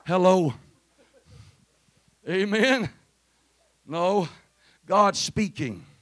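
High-voiced preacher, building to shouts. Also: male voice, animated, drawn-out words, no echo, clean studio sound. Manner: rises to shouted peaks, calls for amen. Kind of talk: Pentecostal sermon. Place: church sanctuary.

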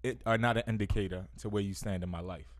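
A man's voice: lowish voice, fairly even intonation, fast. A man ranting animatedly in casual podcast chat, self-interrupting and saying "yo" constantly.

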